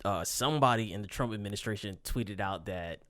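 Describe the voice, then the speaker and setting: A man's voice: on the low side, fairly quick, fairly bright tone, no echo. A young man co-hosting a casual podcast, telling stories with crude language and frequent laughter. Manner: profane, laughing storyteller. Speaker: podcast co-host. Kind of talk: casual chat.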